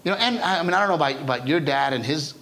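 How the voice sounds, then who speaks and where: A man, a stand-up comedian, telling stories in a casual interview, animated and chatty, often tagging his lines with "right?". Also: on the high side, racing.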